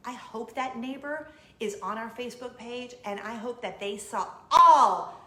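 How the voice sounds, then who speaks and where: A woman in her thirties hosting her show, telling a story in an emotional, expressive way and jumping high when she quotes herself. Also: a little slow. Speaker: vlogger, show host. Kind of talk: casual storytelling to camera. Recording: echoey room.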